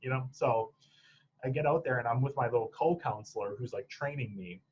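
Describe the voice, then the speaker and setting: His medium-pitched voice is brisk and slightly rough, and the recording has its highs cut off. A Michigan Upper Peninsula native, he's a podcast guest casually discussing his clinical training, rambling with lots of restarts and laughter in an easygoing interview.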